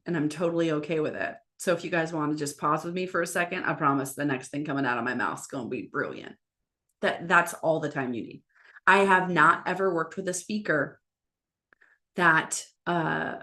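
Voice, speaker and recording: Energetic woman speaking coach, lowish voice. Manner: energetic, acts out quoted lines in different voices; emphatic and encouraging. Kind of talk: live online coaching session.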